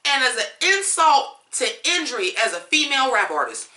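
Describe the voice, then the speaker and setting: Bright, blunt woman ranting. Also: high voice, very animated, normal speed, roomy sound. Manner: blunt, profane, fired-up. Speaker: music reviewer. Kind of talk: ranting song review.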